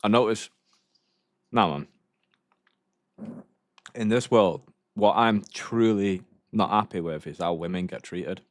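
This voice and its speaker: Young man, lowish voice, dry close sound, rambling, swearing, slangy stream chat. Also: slow, pauses often, no room sound. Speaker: livestreamer. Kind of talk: casual chat reacting to videos.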